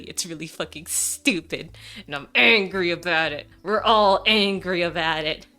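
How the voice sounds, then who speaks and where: A woman's voice: lowish voice, pushed and bright. A young adult woman streaming live, chatting casually and playfully, laughing often and swearing now and then. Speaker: VTuber streamer.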